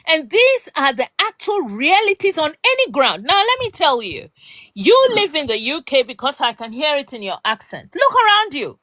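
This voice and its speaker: A woman argues with emphatic, rhetorical force in a live discussion. Her voice sits high and bright, with wide swings of pitch. The sound is close and dry, with no room around it. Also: big pitch swings, normal speed, no echo. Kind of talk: impassioned debate.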